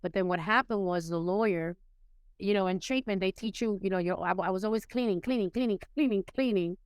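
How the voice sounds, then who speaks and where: A middle-aged woman from Puerto Rico, raised in New York City, telling her life story as a podcast guest in a lively way, acting out the people she quotes. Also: fairly quick, clear, resonant tone, no echo. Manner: animated, acts out quoted people with rising pitch. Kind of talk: casual storytelling interview.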